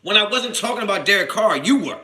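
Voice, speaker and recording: A fast-talking man with a high-sitting voice hosts a sports livestream from New Jersey, reading the chat aloud and answering it. His talk is slangy, profane, and repetitive, full of restarts, and he's animated and swears a lot, rising to a shout whenever he gets annoyed.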